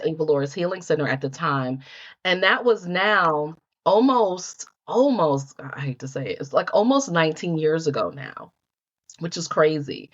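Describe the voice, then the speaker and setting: A woman's voice: low voice, a bit bright, highs cut off. A middle-aged woman, a healer and life coach, telling her story in a podcast interview and acting out her own past thoughts.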